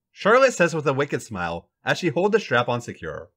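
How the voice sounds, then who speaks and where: A man hosting a podcast, reading a fan fiction story aloud with an animated, dramatic delivery. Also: mid-range voice, fairly quick.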